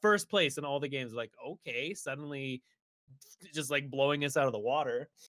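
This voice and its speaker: Brief: young male podcaster, bright forceful tone, dry close mic, rambling storyteller. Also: mid-range voice, normal speed, no echo. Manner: rambling, animated storytelling with shouted impressions. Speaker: podcast co-host. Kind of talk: casual chat.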